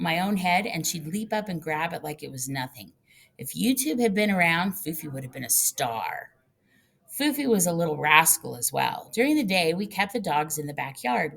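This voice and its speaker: A woman narrating a first-person audiobook with lively storytelling. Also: lowish voice, vocal fry.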